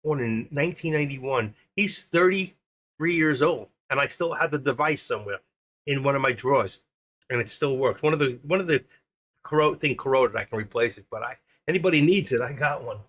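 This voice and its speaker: A man's voice: medium pitch, brisk, fairly bright tone. A man in his sixties hosting a live stream, chatting in a rambling, opinionated way and reading off market numbers. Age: 60s.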